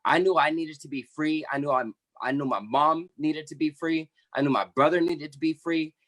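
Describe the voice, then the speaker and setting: Speaking on an online panel, a membership coordinator for an activist group, a man in his thirties, recounts his own story with earnest passion and halting restarts. His voice sits on the high side, with a steady, fairly bright tone.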